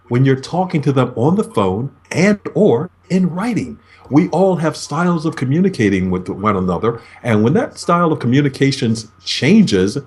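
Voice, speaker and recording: A man talking over a video call as a negotiation expert, his pitch rising and falling a lot as he explains. He speaks in a measured way and acts out little sample greetings.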